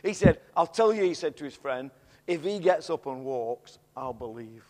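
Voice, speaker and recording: A middle-aged man preaching a sermon, telling a story in an animated way that swells into excited shouts. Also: on the high side, moderate pace. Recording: long hall reverb.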